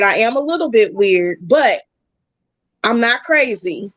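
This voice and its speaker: A woman guest chatting casually, telling a personal story in animated bursts. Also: fairly high pitch, unhurried, dry recording. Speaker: podcast guest. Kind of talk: casual chat. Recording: dull, dry lo-fi sound.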